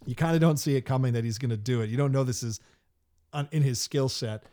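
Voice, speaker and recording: A man's voice: mid-range voice, fast talker, mellow. Rambling man chatting about a film. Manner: rambling, many restarts and fillers. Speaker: podcast host. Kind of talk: casual film discussion.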